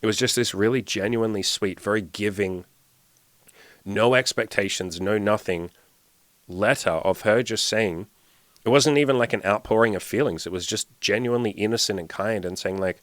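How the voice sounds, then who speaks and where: A man's voice: lowish voice, moderate pace, a bit bright, no room sound. A young man hosting a candid solo podcast as a dating and self-improvement coach, talking bluntly, swearing often and repeating himself for emphasis.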